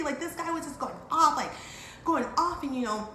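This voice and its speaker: Woman vlogger from Dallas, lively storyteller, highish voice, faint hiss. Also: moderate pace. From Dallas, Texas. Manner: animated, acts out quotes with big pitch jumps. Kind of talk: casual storytelling vlog. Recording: echoey room with faint background hiss.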